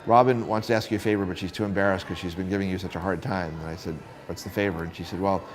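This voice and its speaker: A middle-aged man, a photographer, telling stories from his career in an interview and acting out the voices of the people he met. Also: lowish voice. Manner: animated storyteller acting out quoted voices. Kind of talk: storytelling interview.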